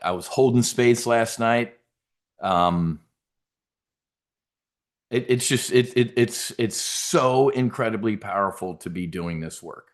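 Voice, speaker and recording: A middle-aged man hosting a trading show, telling stories in a rambling, animated way with many fillers. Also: medium pitch, slow, pauses often. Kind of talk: casual livestream talk.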